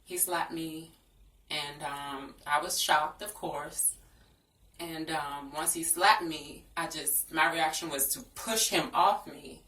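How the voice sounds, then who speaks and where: A woman's voice: sits low, steady tone, takes it slowly, bright, forceful tone. A young woman telling a personal story in a frank, earnest storytime vlog. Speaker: vlogger. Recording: echoey room, distant from the mic.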